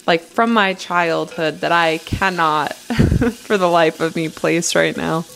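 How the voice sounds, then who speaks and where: A woman's voice: on the low side, gravelly, fairly bright tone, a little hiss or hum, rough recording. A woman behind the camera in a home kitchen, musing casually as she searches for a flavor. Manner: slow, musing, searching for words. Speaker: camera operator. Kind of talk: casual chat.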